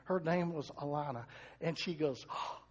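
An older man preaching a sermon, telling stories with emphatic swells and soft asides. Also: a little high, normal speed, long reverb tail. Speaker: pastor.

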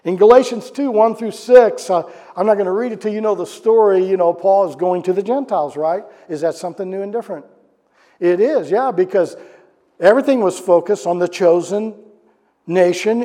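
A man preaching a sermon to a congregation in a church, animated and asking them questions. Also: sits high, normal speed. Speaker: pastor. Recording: long hall reverb.

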